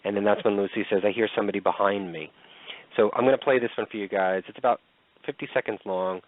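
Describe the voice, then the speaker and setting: A man's voice: on the low side, fairly even intonation, fast talker, dry recording. A man co-hosting a radio talk show, explaining a recording in a plain, repetitive way with many ums. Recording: dry, phone-like line.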